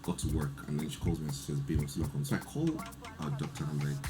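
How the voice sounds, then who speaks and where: A man, telling a lively story in casual chat and acting out the quotes. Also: extremely low pitch, fast, music in the background. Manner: animated storyteller, laughs often, acts out quotes. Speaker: podcast guest.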